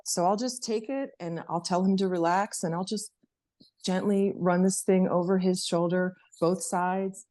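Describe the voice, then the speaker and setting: A middle-aged woman on a video call, telling a personal story in an animated way and acting out her child's words. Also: measured pace. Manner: animated storytelling, acts out her daughter in a high voice. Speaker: interview participant.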